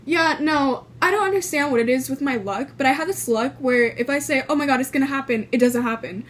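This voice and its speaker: Rambling high-voiced young woman vlogger. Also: fairly quick, slight background noise. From California. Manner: rambling, filler-heavy, swears freely. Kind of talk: casual storytime vlog.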